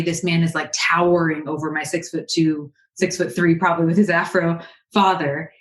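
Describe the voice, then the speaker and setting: A woman from California, a guest coach on an interview podcast, telling a personal story in a lively, animated way. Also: lowish voice, echoey room. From Berkeley, California.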